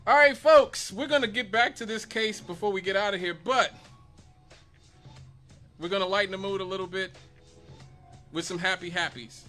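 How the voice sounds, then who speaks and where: A man with a fairly high, bright voice hosts a talk radio segment. He talks emphatically, stacking points and rhetorical questions to argue his case. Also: normal speed, pauses often, faint music behind. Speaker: radio host.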